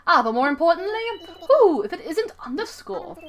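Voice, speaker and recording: A woman's voice: very high voice, big pitch swings, normal speed, pitched above the performer's own voice. A woman voicing a drowsy, pompous male owl museum curator in a formal manner with a British accent. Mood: grand. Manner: formal, grandiose speech.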